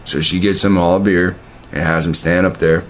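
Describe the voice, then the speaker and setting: A man's voice: low-pitched, flat delivery, moderate pace, a little hiss or hum. A man telling profane, meandering stories in a casual monologue, often restarting his sentences. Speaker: video host. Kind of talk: casual rambling storytelling.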